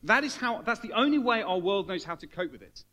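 Animated preacher, man. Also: high-pitched, a little fast. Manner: animated, swings from hushed to loud, acts out quoted voices. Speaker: pastor. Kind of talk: sermon.

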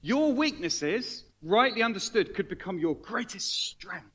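A man preaching a sermon, his pitch leaping and dropping with lively energy. His voice sits a little high for a man, and he moves between hushed asides and loud, emphatic lines while acting out the people he quotes. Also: a little slow. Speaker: pastor.

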